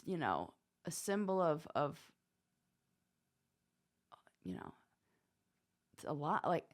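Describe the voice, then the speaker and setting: A woman co-hosting a podcast in casual chat, expressive and quick to exclaim. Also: sits low. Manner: expressive, exclaims and reacts openly. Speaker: podcast co-host.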